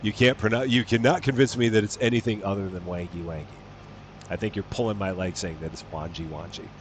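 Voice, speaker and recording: A man's voice: deep voice, fairly quick, a little hiss or hum. A man with a chatty, amused manner, chatting casually with his live-stream audience and laughing often. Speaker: game streamer reading chat.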